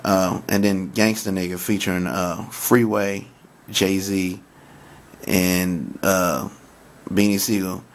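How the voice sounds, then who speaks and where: A man talking casually to his viewers about hip-hop, excited and often stammering as he restarts his sentences and recites favorite lines. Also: low voice, slow pace.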